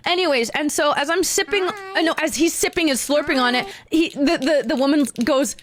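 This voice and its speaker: A woman telling a story with animated excitement, acting out each voice in it and laughing often. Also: sits high, brisk. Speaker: streamer.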